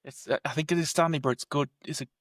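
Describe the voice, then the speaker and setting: A man's voice: on the high side, fairly even intonation, fast, no echo, clean studio sound. A man co-hosting a podcast, chatting about films in an easygoing, agreeable way. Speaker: podcast co-host. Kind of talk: casual movie chat.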